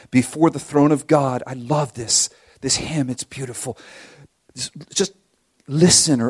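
A man preaching a sermon with passion, swinging between loud emphasis and hushed asides. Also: mid-range voice. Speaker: pastor.

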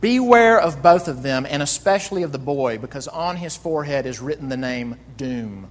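A solemn male Christmas spirit delivers grave, pointed warnings, voiced by a man telling the story in a sermon. The voice sits a little high. It rings with the long reverb of a large hall. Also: animated, normal speed, lightly acted.

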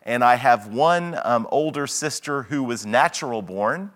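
Male preacher, earnest teaching sermon, unhurried delivery, expressive pitch. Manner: earnest, teaching, restarts and repeats words.

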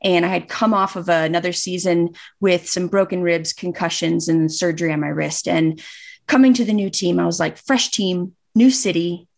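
A woman's voice: on the low side, fairly even intonation, normal speed, creaky. A woman in her thirties, a guest, earnestly telling a personal story in casual conversation and acting out remembered dialogue.

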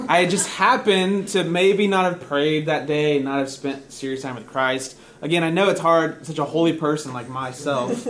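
A young man preaching as a pastor, telling a story in a casual, self-mocking way and laughing at himself. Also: a little high. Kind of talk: sermon storytelling.

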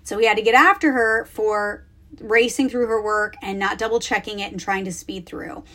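A woman in her thirties hosting a podcast, talking casually from a closet at home in a chatty, animated way with lots of fillers. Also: medium pitch, normal speed. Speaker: podcast host. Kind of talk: casual solo podcast talk.

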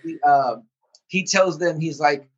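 A man hosting a casual podcast chat, lively and often acting out scenes in quoted voices. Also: fairly high pitch, unhurried, dull audio.

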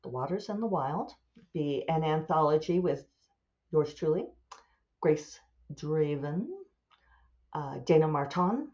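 A woman's voice: deep voice, slow pace, pauses often, a little mellow, highs cut off. A woman author chatting casually and rambling, amused at her own asides as she thinks aloud. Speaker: author and podcast host. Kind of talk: casual solo chat.

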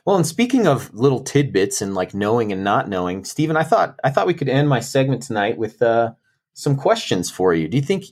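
A man's voice: medium pitch, sing-song, brisk, a little mellow. A man co-hosting a sports podcast, chatting casually and enthusiastically about college football. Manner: enthusiastic, chatty, laughs often. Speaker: co-host and college football segment host.

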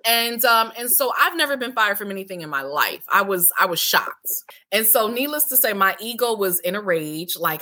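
A woman in her forties tells her own story as an interview guest, her voice bright and ringing. She talks candidly and animatedly, jumping her pitch up to act out what was said to her. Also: normal speed, few pauses. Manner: animated, acts out past dialogue with big pitch jumps. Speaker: interview guest, healing center founder.

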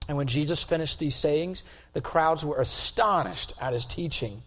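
A male pastor preaching a sermon, moving from calm, measured talk to loud, emphatic stretches. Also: a little high.

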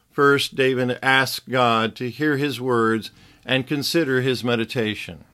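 A man giving a scripted devotional Bible teaching in a measured, earnest voice, reading scripture passages aloud. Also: medium pitch, a bit bright.

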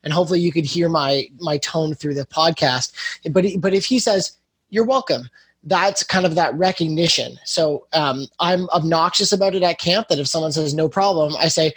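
A man's voice: a little high, moderate pace, fairly bright tone, slightly rough, dry recording. A man from Canada co-hosting a podcast, chatting casually and joking about himself, often restarting his sentences. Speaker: podcast co-host.

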